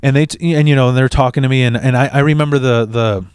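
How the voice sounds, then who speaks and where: A man's voice: mid-range voice, steady tone, quick pace, a little mellow, clean tone, dry recording, clean studio sound. A man hosting a podcast, telling a story in a fired-up, profane way, tripping over restarts. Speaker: podcast host. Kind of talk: casual storytelling. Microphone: studio mic.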